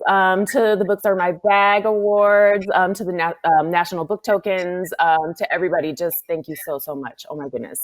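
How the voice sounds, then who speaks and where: A woman author giving an unscripted acceptance speech, gushing and emotional, halting with many fillers. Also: on the low side. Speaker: award-winning author.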